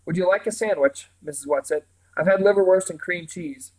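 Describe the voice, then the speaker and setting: A calm, brisk mother, reassuring and light in tone, as a male reader voices her. Gentle storybook voicing with a slightly high voice. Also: rough recording.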